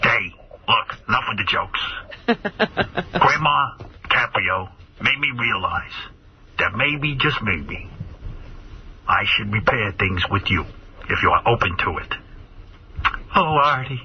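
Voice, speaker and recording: A man playing a doting, lovesick girlfriend, gushing and theatrical in a put-on accent, with a high, swooping voice that climbs and dives wildly. It plays like a radio comedy phone bit, and the sound is dull with clear noise in the background. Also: sing-song, normal speed. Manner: gushing and theatrical, then snapping into swearing. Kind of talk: prank call comedy bit.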